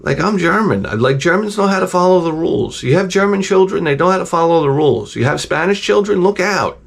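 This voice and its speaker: A man's voice: high-pitched, expressive, fairly quick, vocal fry. A middle-aged man hosting his own channel, telling rambling, profane stories in a casual, digressive way. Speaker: channel host.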